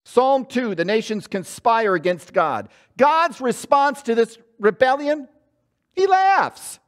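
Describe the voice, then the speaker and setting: Animated high-voiced preacher. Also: male voice, slow pace. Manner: animated preaching with dramatic voice swings, acting out quotes. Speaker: pastor. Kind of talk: sermon. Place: church sanctuary.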